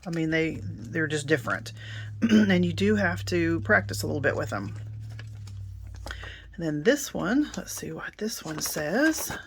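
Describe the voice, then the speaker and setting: Casual middle-aged woman, lower-pitched and slow, chatty craft reviewer. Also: animated, a little hiss or hum. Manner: chatty, many ums, soft asides. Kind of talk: casual unboxing demo.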